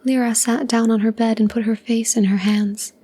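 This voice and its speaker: A woman reads a short story in a soft ASMR whisper, unhurried and even. Her breathy voice is mellow and dark, with a flat, steady line and little rise and fall. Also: on the high side.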